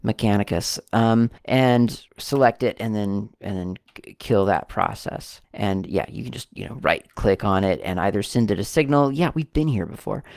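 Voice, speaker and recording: A man casually talking through a software demo as he clicks around, thinking aloud and correcting himself often. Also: fairly low pitch, normal speed, vocal fry, no room sound, clean studio sound. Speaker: tech video host. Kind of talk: casual screen-recorded software walkthrough.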